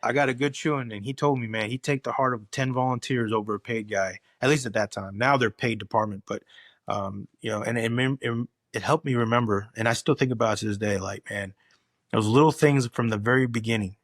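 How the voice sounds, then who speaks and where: A man's voice: medium pitch, a little fast, dry recording, clean studio sound. A man speaking as a guest on a podcast, a firefighter and instructor telling stories earnestly, with frequent restarts as he goes. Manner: earnest, animated storytelling with many restarts. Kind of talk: casual conversational interview.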